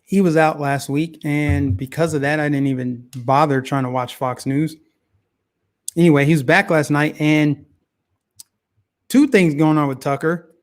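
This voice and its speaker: A man hosts a laid-back talk show, his slightly high voice moving at a measured pace. He gives animated political opinions and returns to the same phrases again and again.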